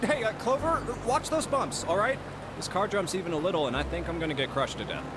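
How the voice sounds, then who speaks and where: A nervous young man from a video game rushes out his worries. His voice is slightly high and fast. Loud noise fills the background. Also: lively intonation. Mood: anxious. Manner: anxious, hurried. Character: nervous young man, squashed in a back seat.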